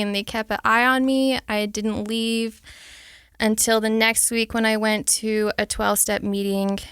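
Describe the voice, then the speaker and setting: Smooth-voiced woman telling her story frankly. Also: medium pitch, fairly bright tone, no room sound, clean studio sound. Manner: frank, reflective, reenacts her own thoughts. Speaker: podcast guest. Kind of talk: candid personal storytelling.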